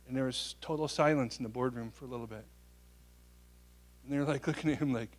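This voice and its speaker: A man giving a public talk, answering an audience question with a lively story. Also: a little high, fast. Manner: animated storyteller, quotes people in their voices. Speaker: guest speaker.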